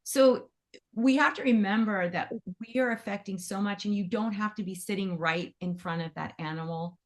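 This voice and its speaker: A woman teaching animal Reiki in a gentle, conversational way, wandering into asides as she talks. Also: mid-range voice, normal speed. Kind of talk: casual teaching talk.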